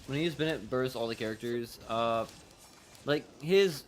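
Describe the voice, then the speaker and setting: A man's voice: mid-range voice, a little slow, slight background noise. A man giving casual, rambling commentary as he plays a video game, repeating himself and swearing now and then. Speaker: gaming streamer.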